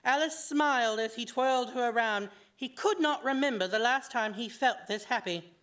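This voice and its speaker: A woman reading her own short story aloud at a fiction night, in an expressive storytelling manner. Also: on the high side, normal speed.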